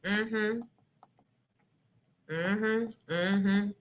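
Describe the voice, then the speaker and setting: A woman's voice: mid-range voice, steady tone, extremely slow. A woman hosting a livestream talk show, ranting bluntly with lots of profanity and emphasis. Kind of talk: casual livestream rant.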